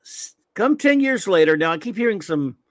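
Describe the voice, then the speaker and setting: A man's voice: sits high, big pitch swings, moderate pace, no echo. A man hosting a show, talking casually as a fan, rambling with many restarts and fillers. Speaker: show host. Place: home room at night.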